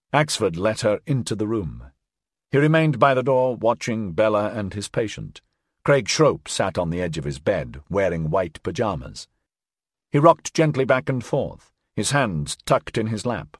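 A man narrating an audiobook in an expressive storytelling manner. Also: on the low side, breathy edge, no room sound, studio quality.

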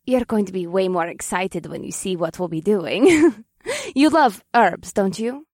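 A woman's voice: mid-range voice, animated, unhurried, a little mellow, dry recording. A kindly young witch, voiced by a woman, explains things patiently and laughs easily. Her voice sits in a middle range. The recording is close and dry, with no room sound. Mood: cheerful. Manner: patient, cheerful, laughing often.

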